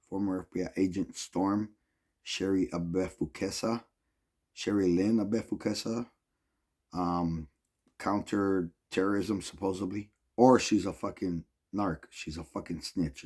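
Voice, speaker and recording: A man with a fairly low voice rants to his viewers in an agitated, rambling way, swearing in nearly every sentence. The talk is loose and unscripted, a casual vlog monologue. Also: fairly even intonation, measured pace, a little mellow. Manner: profane, agitated, rambling storytelling. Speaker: vlogger.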